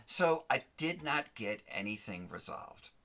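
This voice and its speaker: A man's voice: medium pitch, very animated, unhurried, bright, forceful tone, a little hiss or hum. A man hosting a motivational talk, speaking emphatically to the listener, repeating and rhyming his key phrases. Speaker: host of a motivational show.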